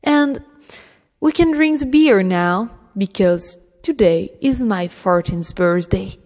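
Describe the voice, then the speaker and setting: A woman reading an audiobook, voicing a ruthless teenage boy prince who talks soft, menacing and mocking. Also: medium pitch, animated, slow pace. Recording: reverberant room.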